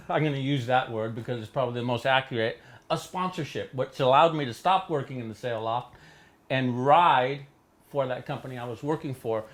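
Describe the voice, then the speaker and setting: A middle-aged man from Hawaii, telling stories in a studio interview with animated delivery, jumping into voices for quoted people. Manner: animated, acts out quotes with big pitch jumps. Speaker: interview guest. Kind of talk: storytelling in a casual interview.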